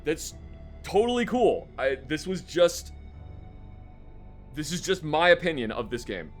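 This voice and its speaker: A man's voice: on the high side, very animated, a little slow. Guy streaming, casual rambly game talk, lots of ums and swearing, faint music behind. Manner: rambling, lots of fillers and cursing. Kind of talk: casual live-stream commentary.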